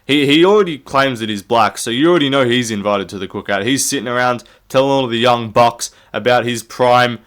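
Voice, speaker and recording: A young YouTube MMA commentator rambles through casual, comedic sports commentary full of jokes and swearing, often laughing at himself. His mid-range voice has a fairly bright tone, and he talks a little fast with few pauses.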